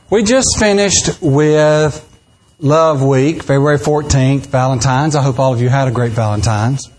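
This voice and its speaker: A pastor tells jokes and folksy stories during a sermon, speaking at a moderate pace in a medium-pitched, darkish voice. He plays it for laughs and acts out the voices of the people he quotes.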